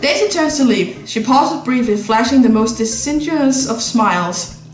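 A streamer with a slightly high, animated voice reads a visual novel aloud at normal speed. She's playful, tossing in laughing asides, and the low-quality recording sounds reverberant.

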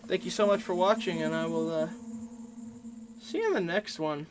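A man's voice: high voice, normal speed, background noise. A young man giving profane, joking commentary while playing a game for his channel. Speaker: gaming YouTuber. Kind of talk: let's play commentary.

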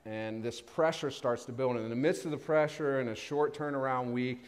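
A man in his thirties preaching a sermon as pastor, telling a personal story with animated, self-deprecating humor. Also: mid-range voice, moderate pace. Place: church sanctuary. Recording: long reverb of a church hall.

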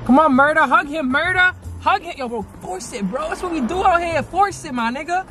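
A man's voice: very high-pitched, fairly quick. A man hosting a prank video, joking and egging his friends on, often repeating words and stumbling over them. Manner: teasing, repeats words, stammers. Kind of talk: joking street prank banter. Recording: noisy car recording.

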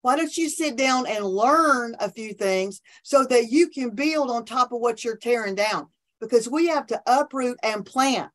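A woman's voice: fairly high pitch, unhurried, hardly any pauses. A woman talking about faith in an enthusiastic, preachy way on a remote call from her office, often restarting her sentences. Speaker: podcast guest, minister. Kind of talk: animated faith conversation.

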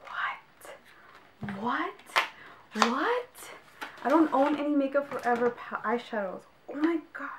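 With her voice pitched high and her pace moderate, a young beauty vlogger enthuses over the makeup she's unboxing, talking directly to viewers with plenty of exclamations. The casual video has clearly audible background noise.

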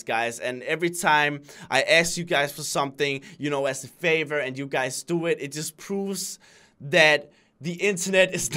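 A man's voice: on the high side, a bit bright. A man talking casually and earnestly to his viewers in a vlog, chatty and often calling them guys. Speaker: YouTuber.

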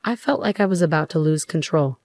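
A woman reading a first-person story aloud as narrator in a steady, even way. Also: deep voice, a little fast, no echo.

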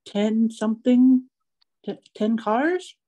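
A woman's voice: fairly high pitch, takes it slowly, warm tone, poor audio. A woman student in an online language class, hesitant and apologetic when unsure. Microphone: video call.

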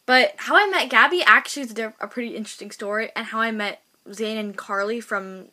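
A woman telling a storytime vlog to camera, excitable and rambling, with many restarts and repeats. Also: a little high, brisk. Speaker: vlogger.

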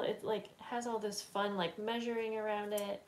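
Working and stamping at her table during a casual craft livestream, this woman speaks in a level, mid-range voice at a moderate pace. Her talk meanders, with plenty of filler words and frequent self-corrections.

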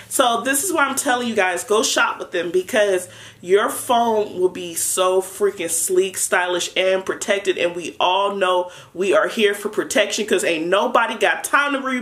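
A young adult woman chatting through a casual unboxing vlog, excitable and playful with lots of slang. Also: mid-range voice, moderate pace. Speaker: vlogger.

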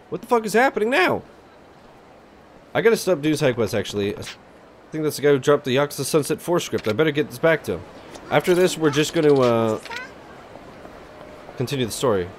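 A man's voice: a little high, very animated, fairly quick, pauses often, slight background noise. A young man casually commentating a game he plays on stream, loose and profane, laughing and reacting to chat as he gets sidetracked. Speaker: gaming streamer. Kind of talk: casual let's-play commentary.

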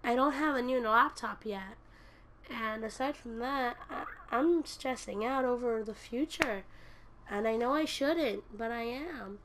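A woman with a hoarse voice from a cold, rambling and self-deprecating while she plays and comments on a fighting game. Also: fairly high pitch, unhurried, fairly bright tone, slight background noise. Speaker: gaming YouTuber. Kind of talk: casual commentary while playing.

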